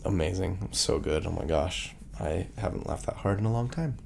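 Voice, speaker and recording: A low, gravelly man talks casually to his viewers while nursing a cold, and his voice is turning hoarse. His tone is dark and mellow, and he rambles in a chatty way with warm thanks for his audience. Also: normal speed, slight background noise. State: has a cold, voice going hoarse. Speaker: YouTube host of a tabletop game channel. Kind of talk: casual chat to camera.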